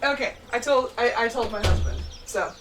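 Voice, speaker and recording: A woman's voice: on the high side, fairly quick, noisy background. A young woman with a General American accent, from the central United States, chatting casually on a gaming stream from home into a close mic, giggling often. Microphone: close desk mic.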